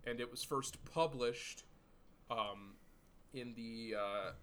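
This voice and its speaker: A man co-hosting a casual podcast, laughing often and pausing with fillers while he reads out sources. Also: mid-range voice, fairly bright tone, slight background noise. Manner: laughing, full of fillers, crude jokes. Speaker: podcast co-host.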